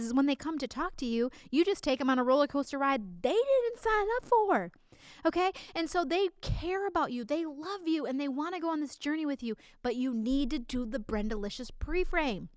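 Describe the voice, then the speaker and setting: A woman's voice: high-pitched, no room sound, studio quality. A woman giving casual business advice straight to her viewers, bubbly and playful. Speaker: business coach.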